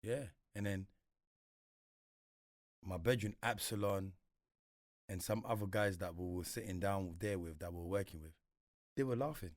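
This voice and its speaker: A young Congolese man with a London accent, speaking as a guest in a casual interview, recounts stories from his life using plenty of street slang and acted-out quotes. His voice is deep and his speed normal, though he pauses often. The recording is clean studio sound with no echo.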